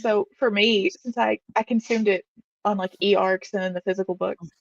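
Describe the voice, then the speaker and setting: A woman from the American South, co-hosting a casual live book chat, chatty and quick to laugh. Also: medium pitch, fairly even intonation, vocal fry, far from the mic, a little hiss or hum. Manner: chatty, laughs easily, wonders aloud. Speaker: co-host. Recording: dull lo-fi dry mic.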